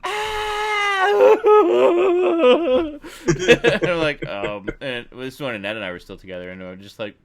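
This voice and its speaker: Livestream host, male, low voice, lively storyteller who laughs a lot. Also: fairly quick, crowd noise. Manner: animated storyteller, laughs often. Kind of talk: casual chat.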